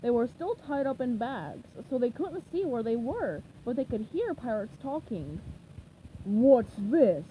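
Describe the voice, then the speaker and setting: A woman reading a children's chapter book aloud in a lively, expressive way. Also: on the high side, normal speed, few pauses, a little hiss or hum, rough recording. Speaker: storybook reader.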